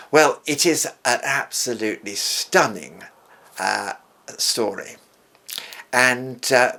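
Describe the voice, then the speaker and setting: A man's voice: mid-range voice, gravelly, a bit bright. An older man presenting, retelling a scripture story in an earnest storytelling manner, sometimes dropping to a whisper.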